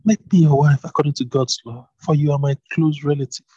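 Man voicing young foreign widow, humble, grateful, high pitched, husky, dry room. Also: fairly even intonation, fairly quick, dark tone, no room sound, muffled recording. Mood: earnest.

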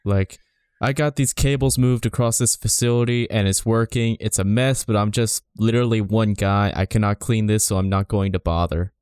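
A man's voice: lowish voice, steady tone, normal speed, darkish tone, clear, resonant tone, no room sound, studio quality. A man in casual podcast chat, joking dryly and adding short interjections.

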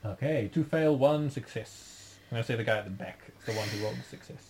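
A man running a tabletop game as game master, animated and laughing as he narrates. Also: medium pitch, fast talker, slight background noise. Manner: animated, laughing, thinking aloud.

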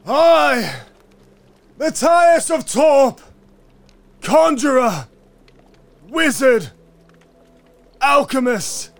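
A man playing a devout wizard narrating his tale in a solemn, mock-epic way, at times shouting proclamations. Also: extremely high pitch, very animated, very slow, gravelly, pauses often, exaggerated voice. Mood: ecstatic shouting. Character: wizard narrator, devout, obsessive, later frenzied. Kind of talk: first-person dramatic storytelling.

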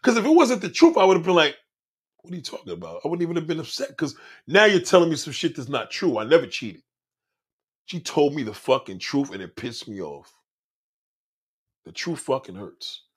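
A man's voice: a little high, sing-song, normal speed, breathy edge. A man hosting his own podcast, talking in a blunt, profane, preachy monologue straight to his listeners. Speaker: podcast host. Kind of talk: casual monologue on a livestream.

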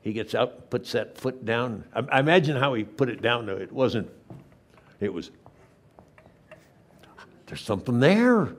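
A man preaching a sermon, retelling a story with animated, acted-out asides in a church. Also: mid-range voice. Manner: animated storytelling, acting out the disciples in quick lively asides. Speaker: pastor.

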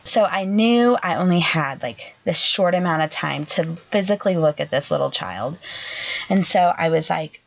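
A young adult woman, a podcast co-host, tells an emotional personal story in a halting way, full of "like" fillers. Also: on the low side, animated. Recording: dull lo-fi sound.

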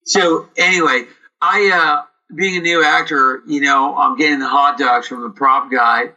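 A man, an actor, telling rambling, animated stories in an interview, with many fillers and restarts. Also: on the high side, unhurried, poor audio. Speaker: actor, guest. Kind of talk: casual storytelling interview.

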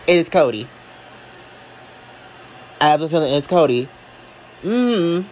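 A man reacting live as a fan, excitable and emotional, talking casually and sassily to his viewers. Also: a little high, slow pace, slight background noise, low-quality recording. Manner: casual and sassy, calls listeners y'all and honey. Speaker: wrestling fan vlogger.

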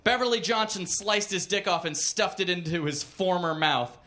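A man's voice: sits high, normal speed, few pauses. A man reading a crude comic story aloud on a comedy club stage, with mock-literary narration. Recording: noisy live club recording.

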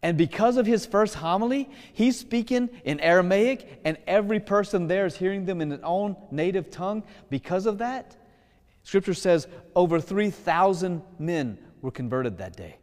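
Man, Catholic priest, sermon, high voice, casual lively preaching, slows for emphasis, long church echo.

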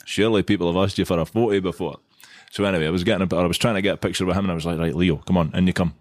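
Deep-voiced Scottish man telling a story. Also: fairly even intonation, very fast, no room sound, studio quality. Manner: rambling, self-mocking anecdote teller. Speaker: podcast co-host. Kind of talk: casual storytelling chat.

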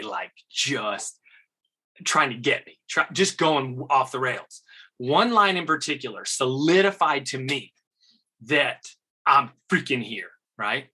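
A man's voice: a little high, sharp tone, breathy edge. A man, an actor and interview guest, telling stories casually and animatedly, laughing and acting out quotes.

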